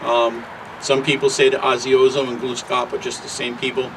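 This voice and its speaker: A man telling a traditional creation story at an unhurried, conversational pace, with occasional filler words, outdoors. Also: mid-range voice, completely flat delivery, gravelly. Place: outdoors near traffic. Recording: distant mic with loud traffic noise.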